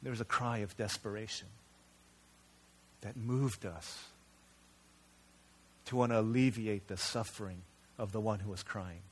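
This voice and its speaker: A man's voice: lowish voice, fairly even intonation, a little slow, pauses often, breathy edge. A man preaching a sermon as a pastor, telling stories in an earnest, conversational way.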